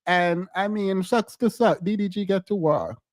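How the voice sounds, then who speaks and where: A man co-hosting a casual live-stream commentary, animated and laughing as he mocks chat commenters. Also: sits high, normal speed, no room sound.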